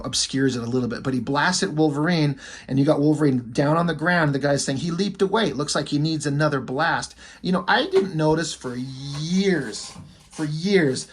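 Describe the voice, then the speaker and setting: A man's voice: on the high side, breathy edge. A man giving casual, profane commentary as he reviews a comic page by page, thinking aloud and lingering admiringly on the art.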